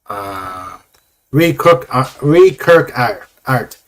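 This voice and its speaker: A man hosts a casual livestream, talking slowly and hesitantly in a middle-pitched voice. He rambles with frequent fillers between thoughts and reads viewer comments aloud. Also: animated. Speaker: host.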